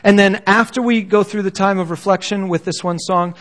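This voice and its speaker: A man's voice: high voice, fairly even intonation, fairly quick, fairly bright tone. A middle-aged man preaching a sermon as pastor, speaking in an earnest, encouraging and conversational way.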